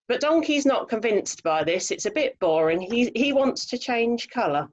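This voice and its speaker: A woman reading a children's story aloud over a video call, lively, expressive and chatty. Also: fairly high pitch, moderate pace, highs cut off.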